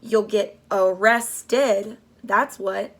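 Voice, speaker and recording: A woman's voice: medium pitch, steady tone, drawn-out words, a bit bright, heavily acted. Woman doing a formal museum man, storybook. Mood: stern. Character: polite grown man, museum director.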